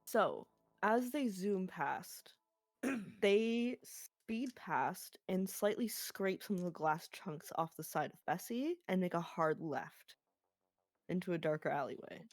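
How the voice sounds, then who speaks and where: A woman narrating a tabletop role-playing game as game master, explaining scenes and rules in a relaxed way. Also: lowish voice, slow, no room sound, clean studio sound.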